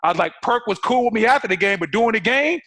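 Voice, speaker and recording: A man co-hosting a podcast, chatting in a lively, slangy way and acting out old exchanges. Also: sits high, fast. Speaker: podcast co-host. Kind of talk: casual interview chat.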